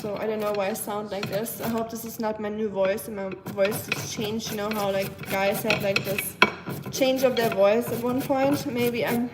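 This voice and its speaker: A woman's voice: medium pitch, little pitch movement, normal speed. A woman hosting a casual live stream while cooking, chatting with viewers and answering chat, with a slightly nasal, stuffy sound, recorded on a propped-up phone in her home kitchen. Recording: echoey kitchen with clear cooking noise.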